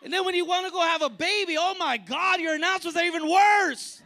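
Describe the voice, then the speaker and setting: A man preaching a lively sermon as pastor at a church service, often shouting and using casual slang. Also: extremely high pitch, a little fast. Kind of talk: energetic sermon.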